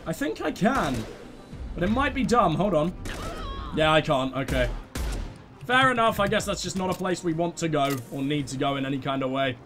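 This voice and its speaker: A man commentating his own gameplay, excitable, swearing freely and giving orders to his teammates. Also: fairly high pitch, moderate pace, over music. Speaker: let's play host.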